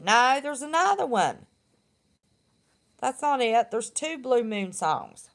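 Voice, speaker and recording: Middle-aged woman, unhurried, lively pitch, blunt chatty stream host. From West Virginia. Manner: chatty, laughs often, blunt. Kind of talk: casual live-stream chat.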